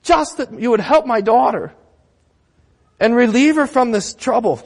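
A humble, desperate woman begs for only the scraps, her voice pitched up and drawn out, as a male preacher puts her on. The sound carries a long reverb. Her pleading is earnest and insistent. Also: animated, a little slow, gravelly, full character voice.

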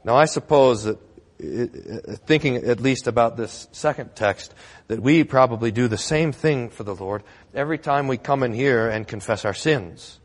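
A man's voice: mid-range voice, moderate pace. A male pastor preaching a sermon in a church, conversational with wry humor.

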